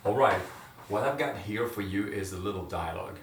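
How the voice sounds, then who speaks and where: A man giving a casual language lesson, chatting loosely and repeating words slowly so the learner can copy them. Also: low-pitched, gravelly, slight background noise. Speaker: Spanish teacher. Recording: roomy echo from a distant mic.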